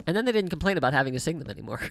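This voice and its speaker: Chatty streamer man with a gravelly voice. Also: a little high, no echo, studio quality. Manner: chatty storyteller, frequent laughs and restarts. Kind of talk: casual livestream chat.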